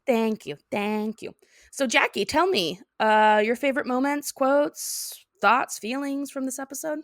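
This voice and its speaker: A woman's voice: sits high, unhurried, no room sound, clean studio sound. A woman co-hosting a podcast, animatedly recapping a cartoon episode and laughing often. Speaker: podcast co-host.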